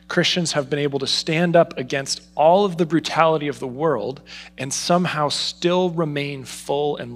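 A young adult man preaching a sermon in an earnest, conversational way, acting out quick asides and quiet prayers. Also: on the high side. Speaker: pastor.

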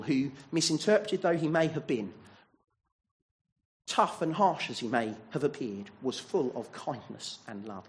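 A man's voice: fairly high pitch, darkish tone. A man preaching a sermon in a church, earnest and asking the congregation many rhetorical questions.

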